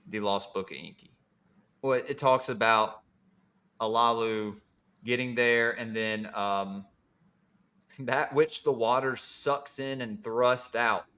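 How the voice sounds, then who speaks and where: A man's voice: mid-range voice, clean tone. A man hosting a casual podcast, chatting in a laid-back, slangy way and sometimes reading passages aloud. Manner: laid-back, slangy, bursts into animated impressions. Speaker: podcast host.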